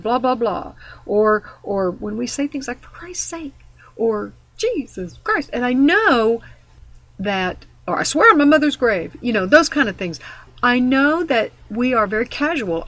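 A woman's voice: a little high, fairly bright tone, low-quality recording. A middle-aged woman giving a devotional teaching in an earnest, emphatic, conversational way, mixing in personal stories. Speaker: Christian devotional speaker.

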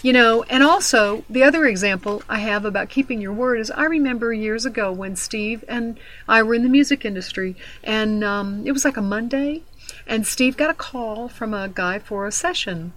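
Her voice is a little high and a bit bright, and her pace is moderate, though the audio is poor. She's a middle-aged woman delivering a devotional Christian teaching, earnest and emphatic yet conversational, with personal stories mixed in.

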